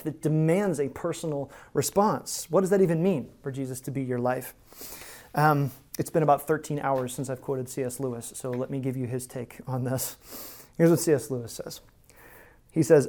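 A man's voice: mid-range voice, normal speed, mellow. A man preaching a sermon as pastor, emphatic and conversational, with casual asides.

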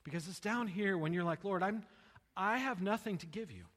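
A man preaching a sermon with passion, swinging between hushed lines and loud ones and often repeating his words. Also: sits high, normal speed. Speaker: pastor. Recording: long reverb of a large hall.

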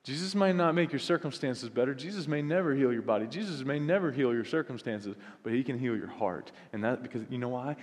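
Earnest pastor guy preaching, goes big and loud then real quiet, long echo around him. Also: medium pitch, a little fast, few pauses. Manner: earnest, swings from loud emphatic to soft and hushed. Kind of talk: sermon. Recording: long hall reverb.

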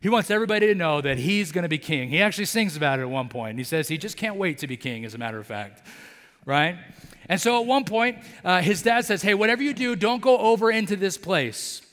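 A man's voice: on the high side, very animated, quick pace, a bit bright, big-room sound. A man preaching a sermon as a pastor, talking casually with lots of fillers and acting out characters' lines as he tells the story. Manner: conversational, many fillers like "like" and "right?". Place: church sanctuary.

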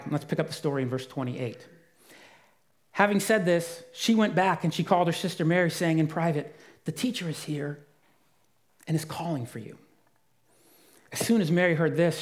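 A man preaching a sermon as pastor, earnest and emphatic, dropping to a soft voice for quiet moments. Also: fairly high pitch.

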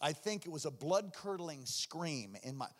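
Brief: male preacher, high voice, animated storyteller who acts out voices. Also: normal speed, very noisy. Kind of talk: sermon testimony.

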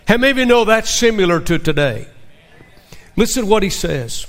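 A man's voice: sits high, very animated, fairly quick, a bit bright. A male pastor preaching a sermon with emphasis and asking the congregation rhetorical questions.

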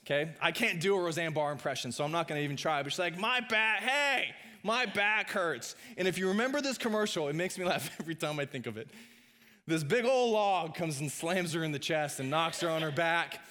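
A man preaching a sermon in a chatty, conversational way, often pausing on filler sounds and making quick asides to the congregation. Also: a little high, lively intonation, a bit bright. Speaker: pastor.

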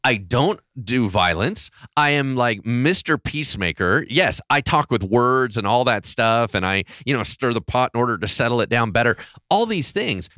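A man's voice: mid-range voice, very animated, moderate pace, hardly any pauses, bright, forceful tone, no room sound, studio quality. A man co-hosting a podcast in a casual discussion, telling stories expressively and acting out his own reactions. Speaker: podcast co-host.

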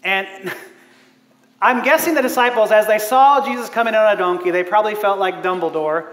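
A man preaching a sermon as a pastor, animated, laughing often and acting out the voices he quotes. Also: sits high, normal speed. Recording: echoey hall.

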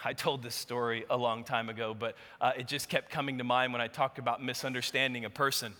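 A man preaching a sermon, telling a story with animated, emphatic delivery. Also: mid-range voice, fairly quick. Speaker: pastor. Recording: long hall reverb.

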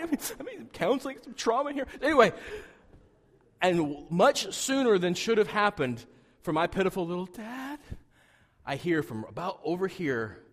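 A man from Wyoming, a pastor preaching a storytelling sermon, conversational and animated, swinging between loud and hushed. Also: a little high. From Wyoming, USA. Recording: reverberant hall.

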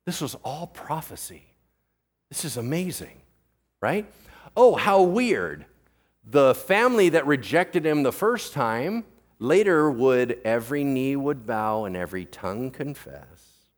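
Animated, husky male pastor preaching. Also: medium pitch, measured pace. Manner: animated storyteller, casual slang, keeps asking "right?". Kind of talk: sermon.

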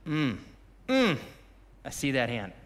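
A man preaching a sermon as pastor, swinging from impassioned shouting to a hushed closing prayer. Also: mid-range voice, huge pitch swings, slow, big-room sound. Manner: impassioned, shouting repeated phrases, then dropping to a quiet prayer.

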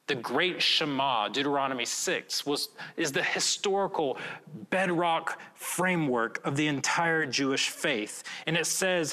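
A man's voice: a little high, a little slow, bright, forceful tone. Earnest man preaching in a reverberant hall. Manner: earnest, conversational preaching with frequent "right?" asides. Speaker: pastor. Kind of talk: filmed video sermon.

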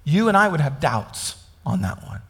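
A preacher from Kansas delivers a conversational sermon, often turning to ask his listeners questions. His voice sits fairly high. A long reverb carries through a big church hall. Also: big pitch swings, moderate pace, fairly bright tone. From Kansas, United States. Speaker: pastor.

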